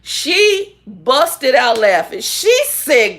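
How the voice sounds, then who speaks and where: Gravelly-voiced sarcastic woman storyteller. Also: a little high, big pitch swings, slow pace, hardly any pauses, a bit bright. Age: 50s. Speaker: vlogger and ministry leader. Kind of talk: casual chat, storytelling.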